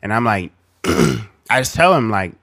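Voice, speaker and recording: A man with a low voice talks through his thoughts on a casual podcast. He rambles reflectively and fills pauses with ums. The sound is dry and close. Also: very animated, creaky, a bit bright, no room sound. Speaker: podcast co-host. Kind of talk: casual chat.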